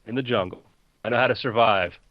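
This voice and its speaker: A man's voice: medium pitch, quick pace, no room sound, dull audio, lightly acted. A man voicing a laid-back young male jungle loner with easygoing, placating bro talk.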